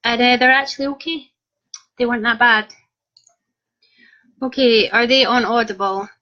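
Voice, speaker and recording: A woman's voice: a little high, steady tone, moderate pace. A young woman author chatting in a cheeky, self-mocking way as she reads out viewer comments on a live video. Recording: dull lo-fi live stream audio.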